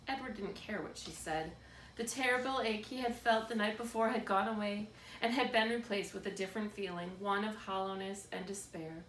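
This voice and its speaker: A woman narrating a children's book in a steady, expressive read-aloud. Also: mid-range voice, normal speed. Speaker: storybook reader. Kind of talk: scripted narration. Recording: roomy, distant mic, faint background noise.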